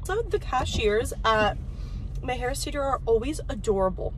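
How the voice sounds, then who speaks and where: A woman's voice: fairly high pitch, very animated, moderate pace, a little hiss or hum. Chatty young woman vlogging on the go. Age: 20s. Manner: chatty, giggly, self-deprecating. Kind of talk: casual vlog chat. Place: moving between indoors, car and street.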